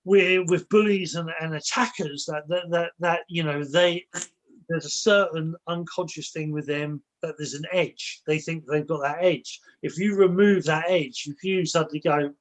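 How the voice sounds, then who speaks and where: A man's voice: fairly high pitch, fairly even intonation, moderate pace, low-quality recording. A man speaking as a guest in a casual interview, reflective and rambling, often repeating words and restarting his sentences as he explains ideas through personal stories. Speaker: guest, spiritual and martial arts teacher.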